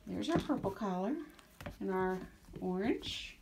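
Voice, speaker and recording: A woman dog breeder with a lowish voice and lively intonation chats casually at a normal speed while showing off her puppies, drifting into baby talk with them. It plays like relaxed vlog narration, and there's background noise in the recording.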